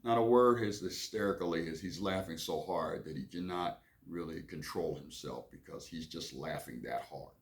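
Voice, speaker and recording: A man's voice: low-pitched, moderate pace, few pauses. A man who hosts a reading lesson, reading aloud and stopping casually to define words, often repeating himself. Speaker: reading teacher and host. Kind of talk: reading aloud and explaining vocabulary.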